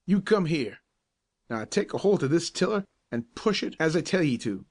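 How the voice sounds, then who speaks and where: A man voicing a bony, fierce canal-boat captain who barks and shouts his orders. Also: fairly high pitch, sing-song, normal speed, voice pushed up. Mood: shouting.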